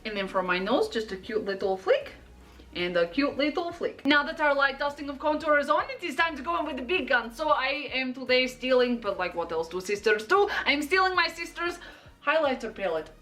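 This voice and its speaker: A woman's voice: sits high, animated, brisk, fairly bright tone. A young adult woman chatting playfully through a makeup tutorial, full of jokey asides. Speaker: makeup vlogger. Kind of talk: casual makeup tutorial chat.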